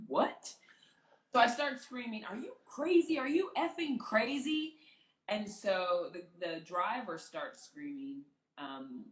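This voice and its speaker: A woman, an entertainment journalist, telling a personal story in conversation as an interview guest, acting out what others said with lively energy. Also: on the low side, echoey room, low-quality recording. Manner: animated, vividly re-enacts the voices of others.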